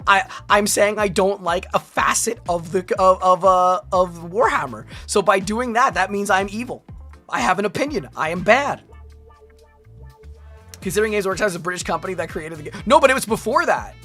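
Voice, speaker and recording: A woman streamer chatting through a live reaction, rambling and animated, breaking into laughs and shouts. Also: medium pitch, moderate pace, faint music behind. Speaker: streamer reacting to a lore video.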